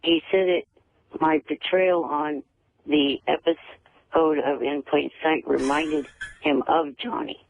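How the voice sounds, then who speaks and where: A man calls in to a radio show over a tinny phone line, and his gravelly voice sits a little higher than most. He speaks haltingly and often repeats his words. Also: fairly even intonation, slight background noise. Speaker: caller. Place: on a phone call.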